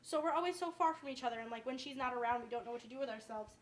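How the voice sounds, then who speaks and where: Rambling between steps in a casual home cooking video, a young adult host from Westchester chats away in a downstate New York accent, using "like" a lot. Her voice is on the high side and racing, with slight background noise.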